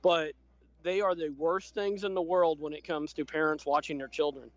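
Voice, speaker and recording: A man's voice: a little high, fairly even intonation, moderate pace, no echo. A man co-hosting a casual chat, explaining things in an easygoing way and laughing often. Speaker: podcast co-host. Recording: dry, dull lo-fi sound.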